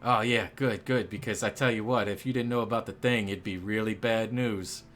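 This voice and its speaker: Man performing a small, tough male cat bartender, hammy New York accent, low voice, conspiratorial. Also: steady tone, normal speed, a bit bright, soft background music, lightly acted.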